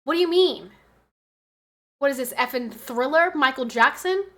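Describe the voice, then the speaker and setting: Young woman streamer, high bright voice, loud and excitable, talks fast to chat. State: pregnant. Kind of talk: casual chat with live viewers.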